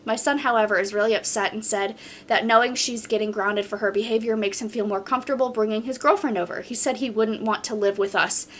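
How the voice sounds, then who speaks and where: A woman's voice: a little high, brisk, a bit bright, a little hiss or hum. A woman hosting a podcast in casual chat, reading posts aloud and reacting bluntly.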